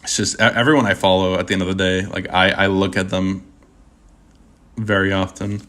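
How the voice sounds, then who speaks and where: A man's voice: low-pitched, a little fast. Slangy young man ranting on stream. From Puerto Rican heritage. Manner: rambling and animated, stammering restarts, slangy. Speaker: streamer answering chat. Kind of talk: casual livestream chat.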